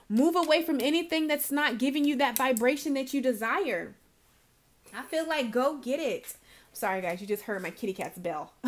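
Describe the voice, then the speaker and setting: A woman with a high-pitched voice gives a channeled tarot reading from her home. She speaks emphatically and pushes her listeners to be confident, calling them honey and baby. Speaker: tarot card reader.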